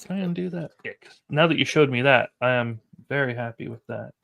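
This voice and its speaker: A man's voice: medium pitch, a little fast, gravelly, a bit bright, slight background noise. A man running a tabletop horror game as game master, narrating dice results casually.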